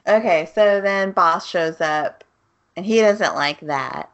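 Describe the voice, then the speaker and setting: A woman's voice: on the low side, lively intonation, slow, vocal fry, dull audio. A woman co-hosting a casual podcast chat, giggling as she retells scenes and quotes the characters. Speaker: podcast co-host.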